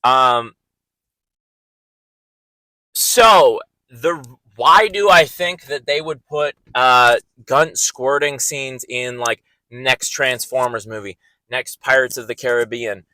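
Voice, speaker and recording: A man delivering a comedic rant, rambling and excitable, with frequent restarts and filler words. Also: medium pitch, slow pace, no room sound, low-quality recording. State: out of breath.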